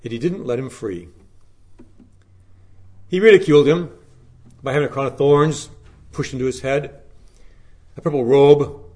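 For Good Friday, a pastor with a mid-range voice reads scripture aloud and then preaches in an earnest, measured way, his delivery rising dramatically and falling to a hush.

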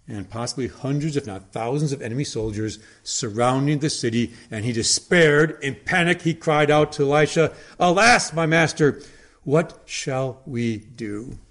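A man preaching a sermon in a dramatic way, with emphatic pauses and sudden drops to a hush. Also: on the high side.

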